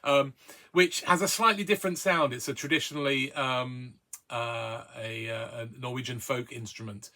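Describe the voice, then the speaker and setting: A man's voice: medium pitch, steady tone, moderate pace, bright, forceful tone. A man hosting a casual record review, chatty and hesitant with many ums and uhs. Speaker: record collector host.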